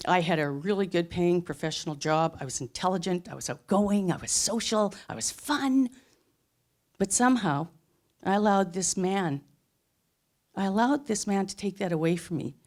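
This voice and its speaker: A woman's voice: fairly low pitch, darkish tone. A middle-aged woman telling a personal story live on a theatre stage, earnest and emphatic. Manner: earnest, emphatic, plain-spoken.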